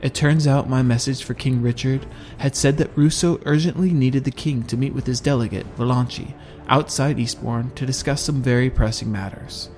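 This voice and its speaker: Male storyteller, middle-pitched, steady and measured, with faint music underneath. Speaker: narrator. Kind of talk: first-person audiobook narration.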